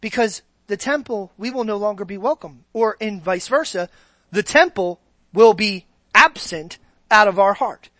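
A woman's voice: medium pitch, expressive, normal speed, fairly bright tone, no room sound. A woman preaching a sermon in a conversational way, often checking in with the congregation. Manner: conversational, keeps checking in with the audience.

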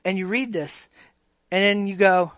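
A pastor preaching an animated sermon in a mid-pitched voice, dropping to quiet asides and then rising to loud exclamations. The preacher keeps asking the congregation direct questions. The recording is dry and close, with no room sound. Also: measured pace, dry recording.

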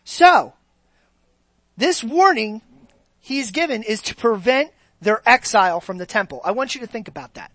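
A woman with a fairly high voice delivers a sermon in a loose, conversational way, pausing over and over to ask whether her listeners follow. The sound is dry and close, with almost no room around it. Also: expressive, a bit bright, no echo. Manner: conversational, keeps checking in with the audience. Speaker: preacher.

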